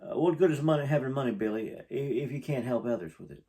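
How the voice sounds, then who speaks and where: A man reading the lines of a kind, humble famous male singer, soft-spoken and hesitant. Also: medium pitch, fast, voice pushed up, close to an everyday voice.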